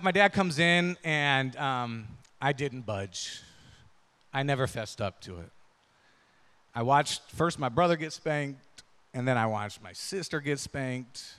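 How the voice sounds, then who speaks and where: A male pastor with a high, bright, forceful voice tells a story from the pulpit. He keeps it conversational, tossing "right?" and "yeah?" to the congregation. His words ring out with a long hall reverb. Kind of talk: sermon with personal storytelling.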